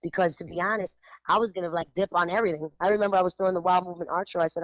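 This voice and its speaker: Lively woman co-host, emphatic, laughing, slips into Spanish; dry and dull lo-fi sound. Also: fairly low pitch, very fast, few pauses, no echo. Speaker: art show curator and radio co-host. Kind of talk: casual radio chat.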